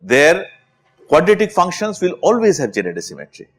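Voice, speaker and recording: A man's voice: high-pitched, normal speed, husky. A man with an Indian English accent giving a university chemistry lecture, often asking "right?" as he explains. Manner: animated, asks rhetorical questions with repeated "right?".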